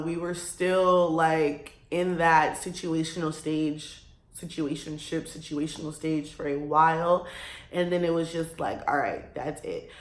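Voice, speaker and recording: A woman's voice: on the low side, roomy sound. A woman in her twenties vlogging in a casual, candid chat, rambling and laughing between remarks. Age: 20s.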